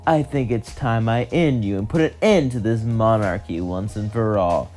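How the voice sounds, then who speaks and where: A man voicing a scornful male angelic exterminator who sneers and threatens slowly. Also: fairly low pitch, a little mellow, soft background music, lightly acted. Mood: sneering.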